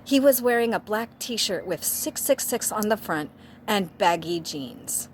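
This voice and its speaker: A woman reads fan fiction aloud slowly and deliberately, piling on mock drama. She breaks off now and then for dry, wry asides, against a faint background hiss. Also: medium pitch, expressive. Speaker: guest reader.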